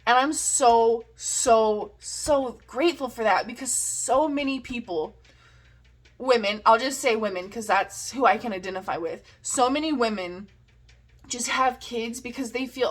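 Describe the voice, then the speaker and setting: Young woman vlogging, kinda high voice, giggly and rambly, says like a lot. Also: measured pace. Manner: chatty, giggly, lots of "like" and self-mockery. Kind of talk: casual vlog storytelling.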